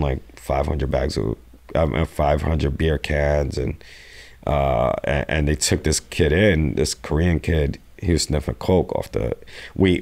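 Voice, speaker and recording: A young man from New York City telling stories as a podcast guest, profane and animated, acting out quotes. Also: a bass voice. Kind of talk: casual storytelling interview.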